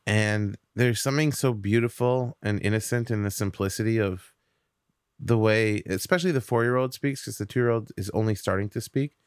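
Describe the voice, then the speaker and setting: A man's voice: on the low side, moderate pace, clean tone, no echo, studio quality. A man, a comedian guest on a podcast, talking casually and reflectively, rambling a little with fillers as he thinks aloud. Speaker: podcast guest, stand-up comic.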